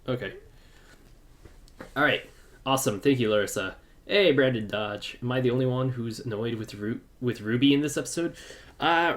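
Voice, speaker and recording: A man hosting a casual live podcast from his room at home, talking loosely and greeting viewers in the chat. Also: mid-range voice. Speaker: podcast host.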